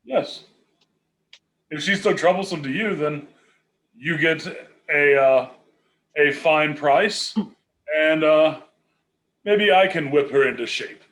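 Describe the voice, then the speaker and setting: A man's voice: fairly high pitch, takes it slowly, long pauses, fairly bright tone. A man playing a tabletop game, bargaining in character with hesitant fillers. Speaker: player.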